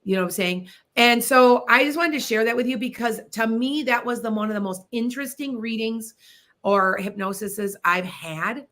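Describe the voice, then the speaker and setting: A woman's voice: fairly high pitch, normal speed. Chatty woman hosting a psychic radio show. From Midwestern US. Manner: chatty, animated, addresses listeners directly. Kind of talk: casual storytelling on internet radio.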